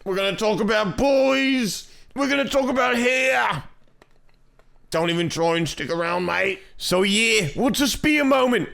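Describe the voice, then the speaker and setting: A man's voice: high voice, creaky, fairly bright tone, voice pushed up, full character voice. A man voicing a sassy, pushy female dinosaur girl in a put-on Australian accent, drawling out teasing lines. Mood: smug. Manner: teasing, drawn-out sing-song lines.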